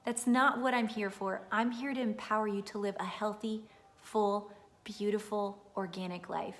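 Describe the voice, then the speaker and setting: A woman's voice: mid-range voice, steady tone, normal speed. A woman in her thirties, a nutritionist giving an earnest, emphatic motivational talk to viewers on a live stream and repeating phrases for emphasis.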